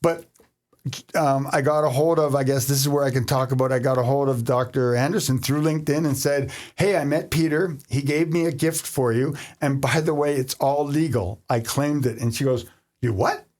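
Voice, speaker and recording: A man hosting a podcast, from Canada, telling a travel story in casual chat, animated and laughing often. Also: medium pitch, moderate pace. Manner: animated, laughs often, acts out quoted voices. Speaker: podcast host.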